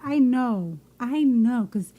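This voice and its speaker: A woman's voice: fairly high pitch, lively intonation, takes it slowly, narrow, tinny audio. A woman co-hosting a casual podcast, teasing her partner bluntly and swearing. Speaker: podcast co-host.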